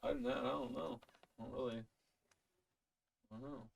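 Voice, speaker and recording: A young man telling a story in casual podcast chat, hesitant and halting, often unsure what he remembers. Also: medium pitch, fairly even intonation, creaky, far from the mic. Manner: hesitant, halting with many "I don't know". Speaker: podcast co-host.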